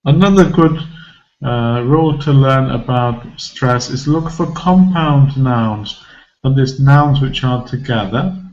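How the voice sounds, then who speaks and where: A man teaching English pronunciation to a class, explaining slowly and patiently, repeating example words and asking the learners questions. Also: medium pitch, darkish tone, dull audio.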